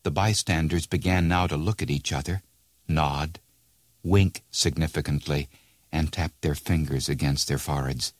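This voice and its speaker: A man narrating a classic tale in an expressive, measured storybook reading. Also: rumbling low, dry recording, clean studio sound.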